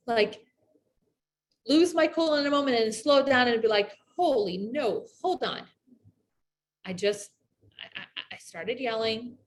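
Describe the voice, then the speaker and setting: A woman's voice: mid-range voice, slight background noise. A woman presenting a workshop lecture, talking loosely with many fillers and checking in with "right?". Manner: filler-heavy, tags points with "right?"; acts out example phrases in a softer voice. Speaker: workshop presenter on family skills.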